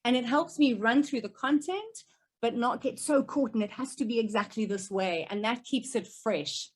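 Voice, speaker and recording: A woman who speaks professionally, answering questions over a video call with emphatic, crisp points. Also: fairly high pitch, normal speed. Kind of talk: remote Q&A answers. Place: home office, remote.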